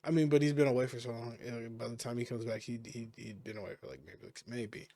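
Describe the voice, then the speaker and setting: A man's voice: mid-range voice, steady tone, fast, gravelly, warm tone, dry recording. A man co-hosting a podcast, chatting casually about wrestling, rambling with lots of fillers and restarts. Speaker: podcast co-host.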